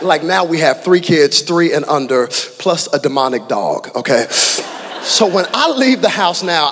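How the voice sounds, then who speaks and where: A man in his thirties preaching a sermon as pastor, telling stories with humor and rising to shouts. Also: mid-range voice, husky. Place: large church hall. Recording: long hall reverb.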